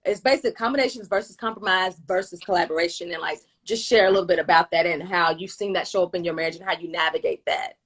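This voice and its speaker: A woman hosting a relaxed video chat, telling stories and acting out what people said to her. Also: fast, few pauses, husky. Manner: animated, acts out quoted dialogue with big pitch jumps. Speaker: host. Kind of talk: casual chat on a video livestream.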